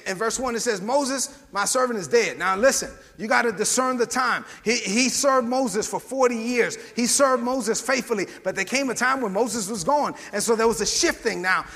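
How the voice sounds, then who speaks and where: High, gravelly preacher man in a reverberant hall. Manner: call-and-response preaching, often rising to shouts. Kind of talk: sermon.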